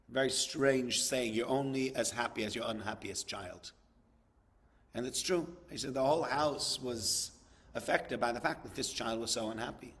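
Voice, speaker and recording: A man's voice: mid-range voice, a bit bright. A man giving a sermon, telling a story and rising to impassioned emphasis. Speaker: rabbi giving a talk.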